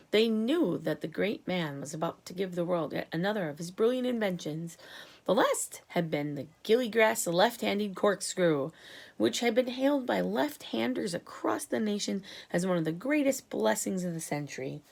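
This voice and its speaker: Woman, teacher, storybook read-aloud, lively, gravelly. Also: mid-range voice, moderate pace. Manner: expressive storytelling.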